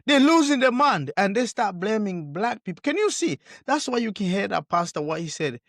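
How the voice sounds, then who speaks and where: A man's voice: high-pitched, sing-song, normal speed, a bit bright, no room sound, studio quality. A man giving heated commentary on video clips, indignant and emphatic, repeating his points.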